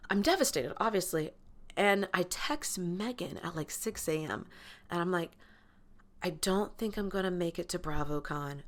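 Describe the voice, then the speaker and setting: A woman, hosting a podcast and telling a personal story in a casual, animated way, often jumping up in pitch when she acts out what people said. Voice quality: animated, lots of quoted voices and pitch jumps. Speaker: podcast host.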